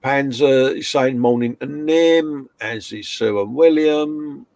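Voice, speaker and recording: A man's voice: medium pitch, slow pace, vocal fry, a little mellow, no echo. A man hosting a casual live stream, reading out chat messages and greeting viewers with a laugh. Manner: chatty, reads chat messages aloud, laughs often.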